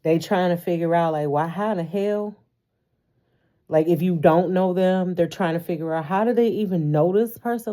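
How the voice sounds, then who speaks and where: Woman, tarot reader, casual monologue, lowish pitch, warm tone, animated, profane, frequent laughter. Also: normal speed.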